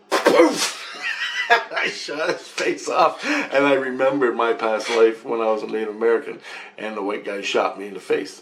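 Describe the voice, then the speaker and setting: A man's voice: lowish voice, a little hiss or hum, low-quality recording. A man telling a rambling first-person story with profanity and restarts. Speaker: vlogger.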